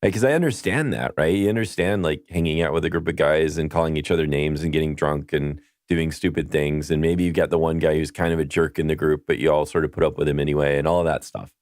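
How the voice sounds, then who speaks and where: A man's voice: very deep voice, steady tone, fast, hardly any pauses, a little mellow, no room sound, studio quality. A man hosting a casual film discussion podcast, talking hesitantly with many restarts. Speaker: podcast host.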